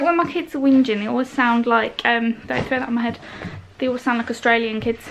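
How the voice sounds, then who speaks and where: A woman's voice: a little high, fairly even intonation, brisk, gravelly, few pauses. A woman chatting to the camera in a casual home vlog. She rambles and keeps breaking off to coo at and scold her small kids. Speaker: vlogger and mother. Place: family home indoors and in the garden. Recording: noisy home camera recording.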